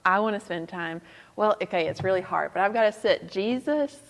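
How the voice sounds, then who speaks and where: A woman in her thirties with a Southern accent, a pastor answering interview questions in a soft-spoken, thoughtful way with frequent laughter. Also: mid-range voice, brisk, long reverb tail. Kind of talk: casual interview.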